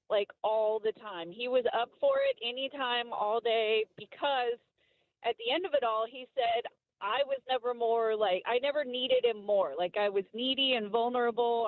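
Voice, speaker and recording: A woman calling in to a radio show, telling a story in a chatty, giggly way over the phone. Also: fairly high pitch. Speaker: caller. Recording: tinny phone line.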